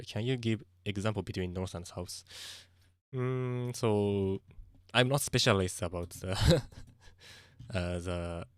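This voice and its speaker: A man's voice: deep voice, clean tone, no room sound, clean studio sound. A young Japanese man streaming casually, speaking English with a Japanese accent, hesitant and often searching for words, slipping into Japanese. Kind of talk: casual live-stream chat.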